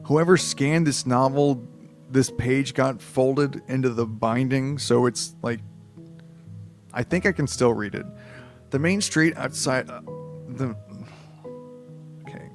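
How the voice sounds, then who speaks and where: A man's voice: mid-range voice, takes it slowly, long pauses. Tired man, casual stream reading, rambling, swearing, faint guitar music behind. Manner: rambling, swearing, self-mocking. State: tired late at night. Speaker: streamer reading a book aloud.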